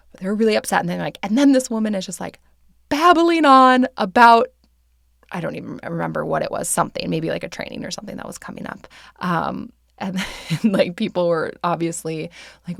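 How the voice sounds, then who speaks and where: Woman podcast host, low gravelly voice, dry close sound, chatty with lots of fillers. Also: no echo. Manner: chatty, filler-heavy, laughs easily. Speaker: podcast host and meditation teacher. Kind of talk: casual solo podcast talk.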